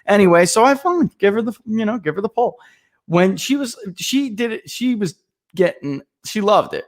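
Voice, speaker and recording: Animated man telling a story. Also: high voice, moderate pace. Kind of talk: casual podcast discussion.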